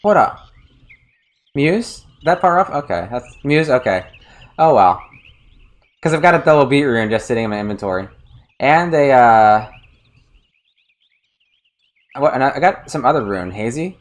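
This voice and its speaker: Chatty man with a lively voice. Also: medium pitch, moderate pace, pauses often. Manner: chatty, self-correcting, mixes in translation remarks. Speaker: game streamer. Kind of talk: let's-play commentary.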